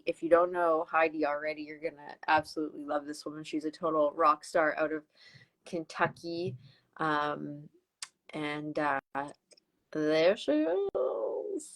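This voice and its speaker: A woman's voice: level tone, moderate pace, a bit bright, poor audio. Upbeat West Coast Canadian woman. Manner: upbeat, enthusiastic, pitching. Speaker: live stream host. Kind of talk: live-streamed sales presentation. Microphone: computer mic on a live video call.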